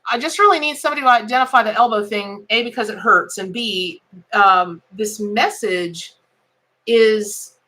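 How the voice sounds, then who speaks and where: A woman's voice: medium pitch, normal speed, pushed and bright. Chatty woman reading tarot live. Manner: chatty, folksy, laughs often, greets chat by name. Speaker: tarot reader.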